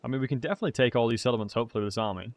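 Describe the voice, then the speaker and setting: A man's voice: medium pitch, rapid-fire. A man giving casual commentary while playing a strategy game, chatting and thinking aloud. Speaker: gaming streamer.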